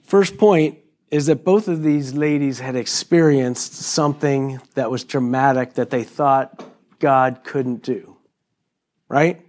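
A middle-aged pastor preaches a sermon to his congregation at a slow pace. He's animated and jokes around, acting out quotes in high voices.

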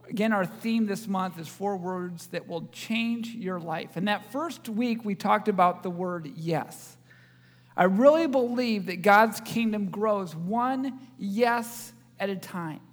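High-voiced man preaching in a hall. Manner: joking, audience-engaging preacher. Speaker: pastor. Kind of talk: sermon. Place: church.

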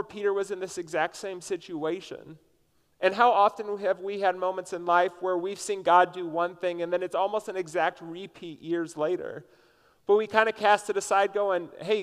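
A man's voice: high-pitched, clear, resonant tone. A man from Indiana preaching a conversational sermon as a pastor, telling a personal story in a casual way with frequent "like" fillers. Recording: long reverb from a large hall.

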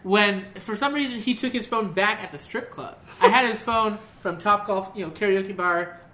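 A man's voice: high voice, normal speed. A young man casually telling a long story, swearing and laughing a lot. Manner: profane, laughs often, animated.

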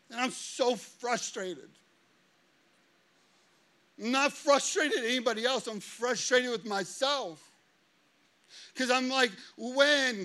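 A male pastor in his thirties delivers a sermon with a high, bright voice. He tells stories animatedly and acts out what people said, then turns earnest and confessional. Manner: animated storytelling, acting out quotes.

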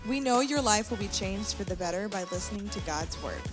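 A woman's voice: medium pitch, lively intonation, brisk. A woman reading a scripted podcast announcement. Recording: loud music under voice.

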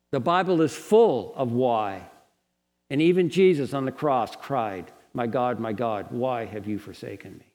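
A man with a fairly high voice preaches a sermon at a Bible college. He talks in an earnest, lecturing way and builds to passionate pleading, and his words ring on in a hall with a long reverb. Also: a little mellow.

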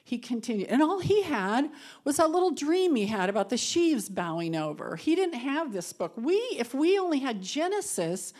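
A woman's voice: high voice, big pitch swings, moderate pace. A woman giving an earnest, conversational devotional talk that ends in prayer, sometimes emotional and near tears. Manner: emotional, tearful at times, laughing through tears; earnest and conversational, shifting between soft and loud. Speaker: women's Bible study speaker.

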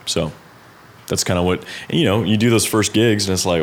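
Low-voiced laid-back rambling man. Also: fairly quick, a little hiss or hum. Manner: rambling, laid-back, many fillers and asides. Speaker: freelance designer guest. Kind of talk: casual podcast conversation.

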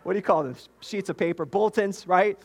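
Man from New York, lively preacher in a reverberant sanctuary, higher pitch. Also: fast, vocal fry. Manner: animated preaching with repetitions and asides to the congregation. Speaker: pastor. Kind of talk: sermon. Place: church sanctuary.

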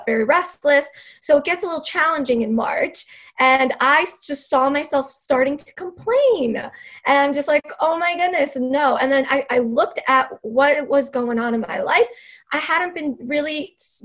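High-voiced, encouraging woman teacher. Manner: earnest, encouraging, self-correcting. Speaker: teacher and coach, podcast guest. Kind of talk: casual interview chat.

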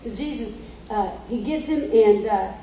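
A woman's voice: on the high side, normal speed, crowd noise. A woman preacher giving an emphatic, repetitive sermon, telling stories and driving points home in a church. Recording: echoey church from far off.

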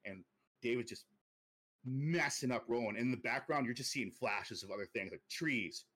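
A young man casually chatting on a podcast, pitching a movie sequel in a rambling way full of fillers. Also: moderate pace. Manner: rambling storytelling with many fillers, drops low and quiet for quoted lines. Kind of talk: casual chat.

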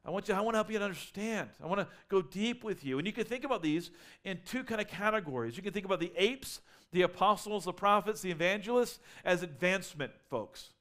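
A male pastor delivering a sermon in a fairly high voice. He speaks earnestly, doubling back on words and restarting phrases as he builds his points. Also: animated, fast, fairly bright tone.

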